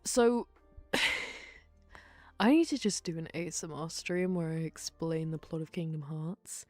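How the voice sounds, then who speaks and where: A woman's voice: low voice, moderate pace, warm tone, no echo. A young woman streamer chatting casually and rambling, often laughing and trailing off mid-sentence, with faint music behind her.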